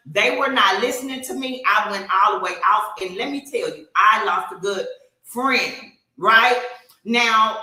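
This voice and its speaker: A podcast co-host in an echoey room chats casually, her mid-range voice bright and forward. She tells stories with animated energy and lots of fillers.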